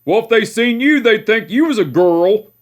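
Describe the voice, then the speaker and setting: A blunt old great-grandfather who cusses and teases without mercy, as a young man puts him on while telling family stories. The voice is pitched well above the teller's own and has a gruff edge. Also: lively intonation, normal speed. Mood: gruff teasing. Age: older. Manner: gruff, profane teasing.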